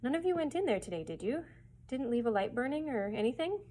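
A woman reading a storybook aloud and voicing a brisk, blunt city fireman. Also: high-pitched, very animated, dark tone, breathy edge, voice pushed up, heavily acted.

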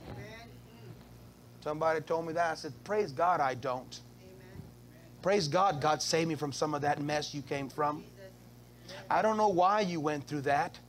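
A man's voice: a little high, moderate pace, pauses often. A male pastor preaching a sermon in church, calling out to the congregation and repeating words as he goes. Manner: call-and-response preaching, stammering repeats.

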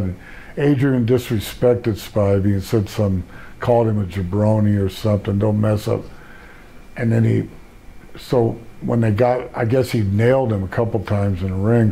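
A man's voice: lowish voice, gravelly, warm tone, husky. An older man, a retired pro wrestler, telling rambling stories in a casual interview with many restarts. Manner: rambling storyteller, frequent restarts.

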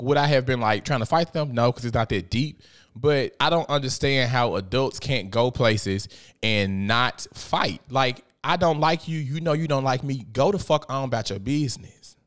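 A man, hosting a podcast in a blunt, profane, animated storytelling manner. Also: mid-range voice, normal speed. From Memphis, USA. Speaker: podcast host. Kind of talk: casual podcast monologue.

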